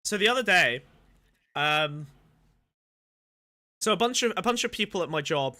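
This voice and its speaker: High bright-voiced man, rambling and profane. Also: lively intonation, moderate pace. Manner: rambling, profane, laughs often. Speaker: podcast co-host. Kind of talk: casual comedic chat.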